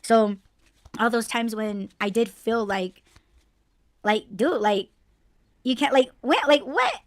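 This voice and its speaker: Excitable lady podcast host, laughs a lot, dry close mic. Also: a little high, slow pace, dry recording. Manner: excitable, expressive, laughs often. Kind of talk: casual podcast chat.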